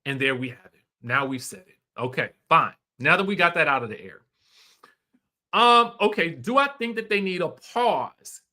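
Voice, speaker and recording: A man hosting a casual live stream, greeting viewers and giving emphatic commentary. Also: a little high. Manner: animated, emphatic, repeats phrases for effect. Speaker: host.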